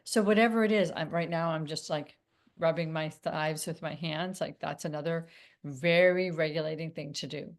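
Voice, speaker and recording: Low-voiced woman coaching gently. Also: steady tone, normal speed. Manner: gentle, meandering, many fillers. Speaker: relationship coach. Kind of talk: casual teaching monologue.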